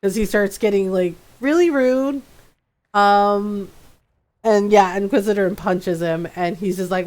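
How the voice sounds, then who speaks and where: A woman's voice: mid-range voice, a little slow, a little mellow. A woman streaming a game, chatting casually with frequent laughs and mocking character impressions. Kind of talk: casual commentary while playing.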